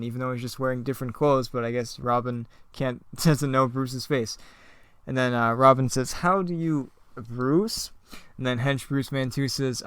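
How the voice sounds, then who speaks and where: A man's voice: mid-range voice, fairly bright tone, clear, resonant tone, no room sound. A young man reading his own old comic script aloud, mocking it and laughing at his writing. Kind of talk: comedic script reading with commentary.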